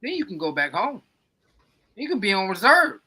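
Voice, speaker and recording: A man's voice: sits high, very animated, normal speed, sharp tone, husky. A man co-hosting a podcast, rambling in casual, profane, emphatic chat. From coastal United States. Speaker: podcast co-host.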